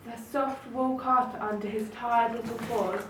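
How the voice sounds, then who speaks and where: Woman storyteller, high voice, roomy echo, distant mic, faint background hum. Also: steady tone, normal speed. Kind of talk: children's story reading.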